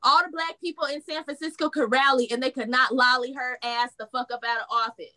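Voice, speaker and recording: A woman hosts a political reaction stream, offering casual commentary in a high-pitched, sharp voice with a steady tone. She talks fairly quickly, blunt and profane, getting heated before reining herself back in.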